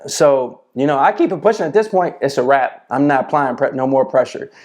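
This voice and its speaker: A man's voice: mid-range voice, animated, fairly quick, darkish tone. Swaggering slangy man giving dating advice. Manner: swaggering, slang-heavy, "you know what I'm saying" refrain. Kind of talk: casual advice monologue to camera.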